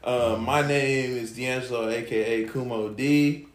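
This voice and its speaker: A man's voice: medium pitch, fairly even intonation, unhurried. A young man hosting a podcast in casual chat, laid-back and slangy, often laughing. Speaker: podcast host. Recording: roomy room with crowd noise behind.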